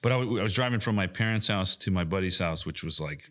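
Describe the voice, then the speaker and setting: A man chatting casually on a podcast, relaxed, laughing often and swearing freely. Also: low-pitched, fast. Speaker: airsoft park staff, podcast regular.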